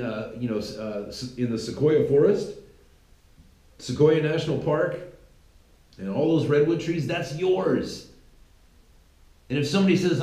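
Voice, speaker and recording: A man's voice: on the high side, darkish tone. Emphatic man ranting in an echoey room. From California. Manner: emphatic, repetitive restarts. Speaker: political commentary show host. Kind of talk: opinionated monologue.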